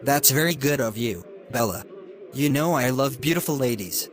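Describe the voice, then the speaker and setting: A man's voice: medium pitch, expressive, normal speed, lightly acted. Bobby, a man playing a leering rich predator. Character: smooth-talking predatory wealthy man. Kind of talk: animated story voice acting.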